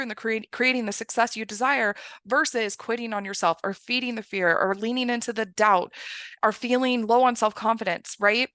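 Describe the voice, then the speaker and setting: A woman's voice: a little high, fairly bright tone, dry recording. A woman giving an emphatic motivational coaching talk, often checking in with "right?". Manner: emphatic, keeps asking "right?". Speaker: success coach.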